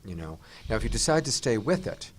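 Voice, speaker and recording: A man's voice: lowish voice, big pitch swings, brisk. A man on a panel giving earnest advice in a conversational way, with some hesitant restarts.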